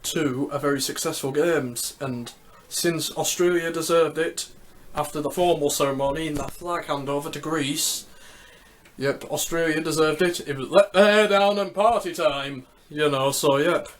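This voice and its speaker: A man's voice: fairly high pitch, normal speed, a bit bright, a little hiss or hum. A man giving casual vlog commentary on a ranking list, talking hesitantly, repeating words and falling back on "so yep" while he searches for what to say. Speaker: YouTuber ranking Olympic Games.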